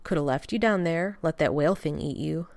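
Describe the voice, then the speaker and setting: A woman's voice: deep voice, a little fast, vocal fry, a little mellow, dry recording. A woman voicing a laid-back, teasing man in a fan fiction reading, with a dry, drawling delivery.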